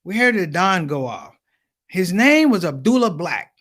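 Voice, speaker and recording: A man's voice: sits high, a little slow. A man doing stand-up comedy, telling stories to the audience and calling them brothers and sisters. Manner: animated storytelling, addresses audience as brothers and sisters.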